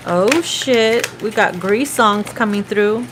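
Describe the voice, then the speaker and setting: A woman's voice: mid-range voice, takes it slowly, hardly any pauses, background noise. A woman giving a casual tarot reading, chatty and profane, now and then breaking into snatches of song. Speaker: tarot reader.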